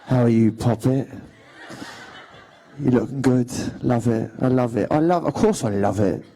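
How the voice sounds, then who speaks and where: A man putting on a Cockney accent as a rough, cheeky male vampire, loud and coarse. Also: mid-range voice, a little slow, poor audio. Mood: rowdy.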